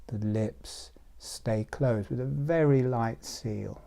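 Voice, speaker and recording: A man leading a guided breathing meditation, giving calm step-by-step instructions. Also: medium pitch, gravelly. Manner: slow, soothing step-by-step instructions. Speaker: meditation teacher.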